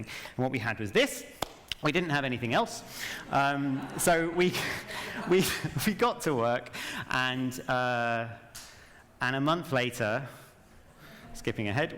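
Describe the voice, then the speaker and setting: A man's voice: medium pitch, a bit bright. A man presenting a conference talk from memory, chatty and self-deprecating with wry asides. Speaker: game narrative director giving a talk. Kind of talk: conference talk without notes. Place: large event hall. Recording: long hall reverb.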